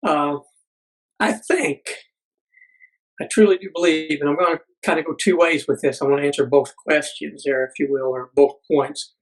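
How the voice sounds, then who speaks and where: A man in middle age speaking with a somewhat husky, breathy voice that sits a bit higher than most. He tells a personal story earnestly, stumbling into restarts and acting out the dialogue he remembers. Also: fairly even intonation, moderate pace, poor audio. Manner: earnest, frequent restarts, acts out quoted dialogue. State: blind military veteran. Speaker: podcast guest.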